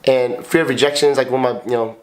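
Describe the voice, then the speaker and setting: Rapid-fire and steady in tone, a medium-pitched man in his thirties talks as the husband on a couple's podcast. His manner is raw and confessional, emotional and blunt, full of cursing and repetition.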